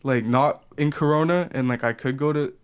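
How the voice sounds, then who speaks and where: A young man co-hosting a podcast, speaking in a slangy, animated way with lots of swearing and hesitant fillers. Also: medium pitch, moderate pace, clean tone. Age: young adult. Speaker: podcast co-host. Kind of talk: casual chat.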